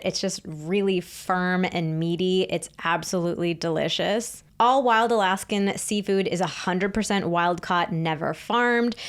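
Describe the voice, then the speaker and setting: A woman with a lowish voice co-hosts a relationship podcast in her thirties. She talks in a relaxed, chatty way, laughs easily and moves smoothly into host-read sponsor spots. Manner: easy, conversational, laughs readily. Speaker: podcast co-host, sex therapist. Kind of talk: casual chat and host-read ads.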